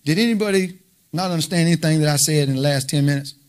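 A man's voice: on the high side, fast, darkish tone. A man preaching an informal sermon, conversational and emphatic, full of rhetorical questions.

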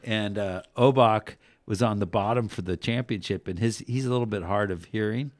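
Man, deep voice, casual sports chat, rambling, profane, animated in stories, dry sound. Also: moderate pace, dry recording. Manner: rambling storyteller, swears, animated when recounting yelling. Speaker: podcast co-host.

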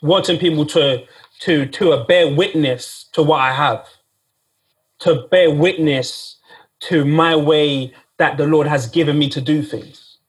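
Husky-voiced man preaching casually. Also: a little high, a little slow. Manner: conversational, repeats himself and says "guys". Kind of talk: sermon.

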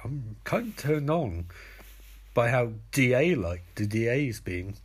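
A man doing a gruff middle-aged cop. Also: medium pitch, very animated, unhurried. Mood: wry.

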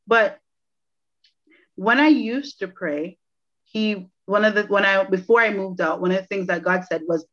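A woman's voice: medium pitch, moderate pace, a bit bright. A woman guest sharing a personal faith testimony in an interview, earnest and reflective, repeating phrases for emphasis. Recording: dull lo-fi audio.

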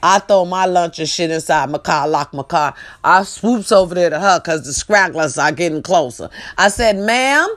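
A woman telling a story to her viewers in a loud, profane, preachy way, calling them y'all. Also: on the low side, normal speed, few pauses. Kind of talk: animated casual storytelling to camera.

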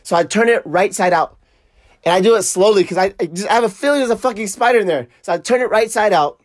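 Profane, animated man telling a story. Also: sits high, fast, dry recording, clean studio sound. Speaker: podcast host. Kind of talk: casual storytelling monologue.

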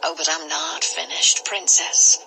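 A woman's voice: low-pitched, flat delivery, unhurried, gravelly, sharp tone, a little hiss or hum, heavily acted, rough recording. A woman playing a gleeful, taunting sorceress. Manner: teasing, theatrical.

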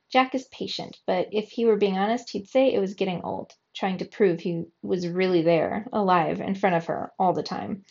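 A woman reading a children's book aloud in a steady storytelling manner. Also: medium pitch, moderate pace, gravelly, hardly any pauses, muffled recording. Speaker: reader.

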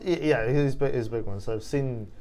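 Animated man chatting about films. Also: medium pitch, normal speed, crowd noise. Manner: animated, rambling with fillers. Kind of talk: casual film chat.

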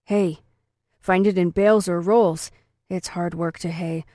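A woman plays a young boy reciting farm facts in blunt, list-like bursts, pitched a little lower and louder than the surrounding narration. The recording is close and dry, with no room sound. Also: steady tone, measured pace, no echo, close to an everyday voice. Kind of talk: audiobook reading.

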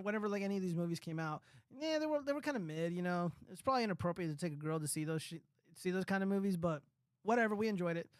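A man's voice: high-pitched, no room sound, studio quality. A man in his thirties hosting a casual commentary stream, talking in a rambling, profane way with lots of fillers. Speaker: show host.

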